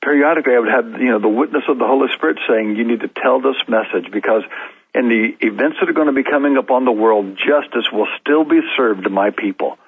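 Guy guest telling his story, stumbles and restarts a lot, husky, sounds like a phone line. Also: mid-range voice, fast talker, no room sound. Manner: restarts often and laughs while telling a story. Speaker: guest on a faith talk show. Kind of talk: storytelling interview answers. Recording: narrow, phone-like dry sound.

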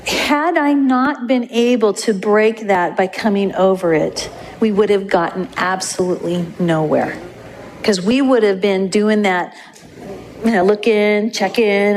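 Animated woman telling a prayer story. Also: mid-range voice, unhurried, a little hiss or hum. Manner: animated, acts out voices, laughs at her own jokes. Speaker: prayer minister, speaker. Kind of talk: storytelling testimony to an audience.

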